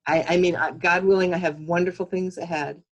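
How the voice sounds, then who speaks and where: A woman's voice: lowish voice, fairly even intonation, a little fast, dull audio. A woman producer telling stories as an interview guest over a video call, emphatic with frequent restarts. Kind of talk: casual interview storytelling.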